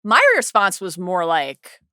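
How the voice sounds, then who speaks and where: A woman co-hosting a TV recap podcast, talking in an animated way full of quick asides. Her bright voice swings widely in pitch. The sound is dry and close. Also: clean tone, no room sound. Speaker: podcast co-host. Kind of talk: casual TV recap chat.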